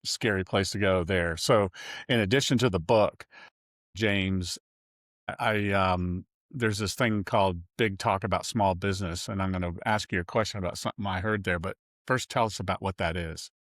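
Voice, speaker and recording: Low-voiced male podcast co-host. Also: moderate pace, a bit bright, no room sound, studio quality. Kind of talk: casual podcast interviewing.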